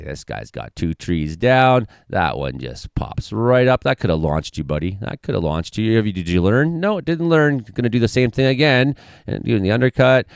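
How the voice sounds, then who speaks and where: Canadian man, sarcastic reaction commentary, laughs often, very lively pitch. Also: creaky, clear, resonant tone, no echo, studio quality. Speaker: video reaction host. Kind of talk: casual commentary reacting to videos.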